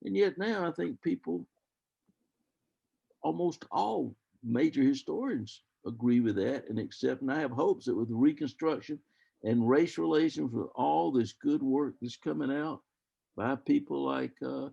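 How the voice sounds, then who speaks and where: Gravelly older man, rambling historian. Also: medium pitch, measured pace, mellow. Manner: rambling, thoughtful, with many restarts. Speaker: guest historian. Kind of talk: discussion over video call. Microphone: video call. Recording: dull lo-fi video call audio.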